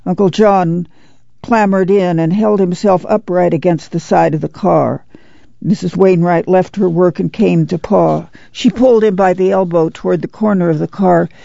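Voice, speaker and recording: A woman reading an audiobook aloud on radio in an even, unhurried way, in a dull lo-fi recording. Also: on the low side, creaky, no room sound. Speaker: audiobook reader.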